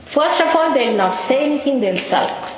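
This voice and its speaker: A woman's voice: sits high, expressive, normal speed. A woman gives a wry, anecdotal spiritual talk to a gathering, breaking into small laughs as she tells stories. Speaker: spiritual teacher. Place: lecture hall in London. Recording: echoey hall, faint hiss, 1985 archive tape.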